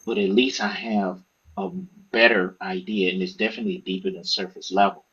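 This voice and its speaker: A man, an author and podcast guest, telling stories in a casual, profane, animated way and acting out what others said. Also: sits low, a little fast, husky, highs cut off. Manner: animated, profane, acts out quoted speech. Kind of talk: casual storytelling interview.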